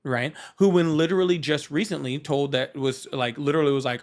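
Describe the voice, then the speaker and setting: A man hosting a live political call-in show, pressing a caller hard with quick arguments while trying not to sound harsh. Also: mid-range voice, steady tone. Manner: pressing, argumentative, apologetic about roasting.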